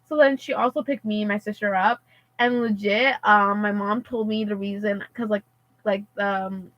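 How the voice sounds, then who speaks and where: Chatting casually, a teenage girl rambles through a story, leaning heavily on "like" and "and stuff like that." She speaks at medium pitch and a moderate pace with fairly even intonation. There's no room sound, though the audio is dull.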